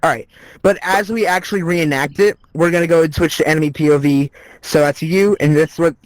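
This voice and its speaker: A man's voice: a little high, a little fast, no room sound, low-quality recording. A man co-hosting a casual VR game tutorial, instructive, walking through steps and counting them out. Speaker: co-host.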